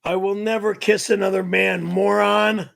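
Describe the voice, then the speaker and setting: A middle-aged man ranting and shouting profanities on a live comedy stream. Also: sits high, flat delivery, normal speed, creaky. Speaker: show's target and co-host.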